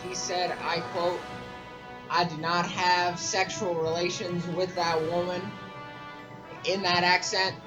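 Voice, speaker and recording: A young man playing a fill-in news anchor for a school project, joking and hesitant, with many filler sounds. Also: sits high. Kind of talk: amateur mock news broadcast.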